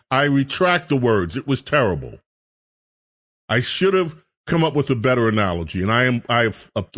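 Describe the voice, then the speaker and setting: A man's voice: medium pitch, a bit bright. A middle-aged man hosting a political talk radio show, delivering a heated, sarcastic monologue. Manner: heated, sarcastic, mocks others in put-on voices.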